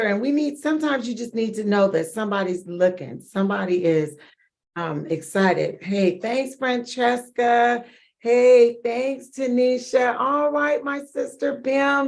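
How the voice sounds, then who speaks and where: Hosting a live online wellness support group, a woman with a medium-pitched, vocal-fried voice encourages her viewers. She reads their chat messages aloud, laughing and breaking into bursts of loud emphasis.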